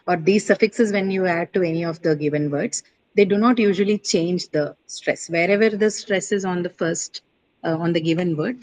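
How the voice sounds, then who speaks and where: A woman with a somewhat low voice lectures a class as their teacher. She explains patiently and methodically. She keeps pausing to check that students follow with a quick "right?" or "okay?". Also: low-quality recording. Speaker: English teacher. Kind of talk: classroom lecture on word stress.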